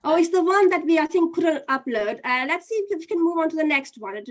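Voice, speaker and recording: A woman's voice: extremely high pitch, fast talker. A woman teaching an online Qur'an reading lesson, patiently explaining step by step and running a quiz.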